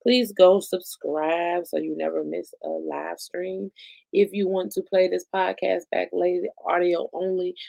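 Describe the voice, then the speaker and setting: A woman's voice: on the low side, flat delivery, measured pace, creaky, mellow, dry recording. A woman co-hosting a podcast in loose, blunt casual chat, swearing freely and laughing often. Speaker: podcast co-host.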